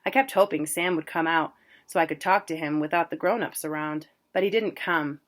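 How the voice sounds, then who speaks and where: Woman calmly reading a novel aloud. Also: deep voice. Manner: plain, unhurried, with casual asides about pronunciation. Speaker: reader. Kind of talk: reading a novel aloud, first-person narration.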